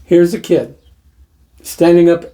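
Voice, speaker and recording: Brief: fired-up moralizing male host, fairly high voice, warm timbre. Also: level tone, slow pace. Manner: impassioned, moralizing, laughs nervously. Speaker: online commentary host. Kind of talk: preachy commentary monologue.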